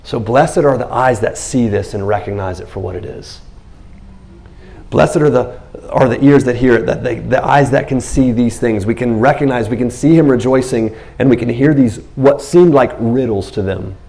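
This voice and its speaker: Man pastor, gravelly voice, lively sermon full of acted-out quotes. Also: medium pitch, moderate pace. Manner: animated preaching, acts out biblical scenes in quotes.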